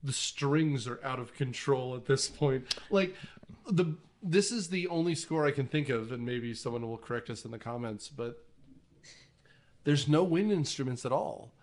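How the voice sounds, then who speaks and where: A man hosting a casual movie podcast, animated and jokey, with frequent swearing and asides. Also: on the high side. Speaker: podcast host.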